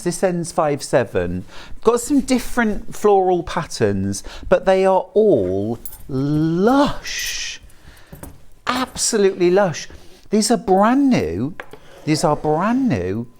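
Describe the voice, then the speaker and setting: A man with a British accent presenting on a live shopping channel, chatty and jokey, reading out viewer messages between product pitches. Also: darkish tone.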